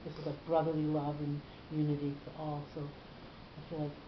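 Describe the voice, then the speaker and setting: A woman's voice: deep voice, completely flat delivery, moderate pace, background noise. A woman student speaking up in a class discussion, thinking aloud and using "like" as filler. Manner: thoughtful, uses "like" as filler. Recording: dull echoey room recording.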